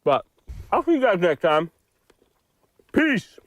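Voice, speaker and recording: A man's voice: high-pitched, very animated, takes it slowly, no echo. A man chatting casually in a home vlog, playful and jokey, cooing at his dog. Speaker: vlogger.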